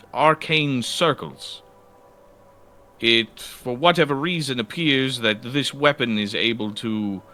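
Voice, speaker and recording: A man's voice: mid-range voice, bright, forceful tone, voice pushed up. A man voicing his formal, courtly warrior character in a tabletop game. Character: formal noble-spoken young warrior.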